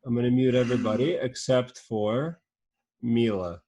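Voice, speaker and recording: An upbeat, patient teacher running an online class for young children over a video call, firing off quick strings of questions. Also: mid-range voice, warm tone, a little hiss or hum.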